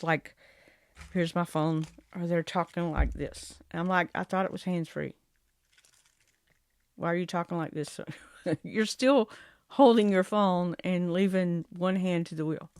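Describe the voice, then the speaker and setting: A woman's voice: lowish voice, no room sound. Lady vlogging, rambly and fed up, talks right into a dry close mic. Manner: chatty, exasperated, rambling with asides and laughs. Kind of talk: casual rant to camera.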